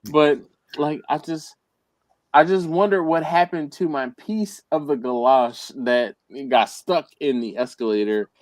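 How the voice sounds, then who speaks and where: Slow-talking man telling a story. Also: a little high, a little mellow, dry recording. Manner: rambling storytelling with frequent laughs. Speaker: host. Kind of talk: casual live-stream chat.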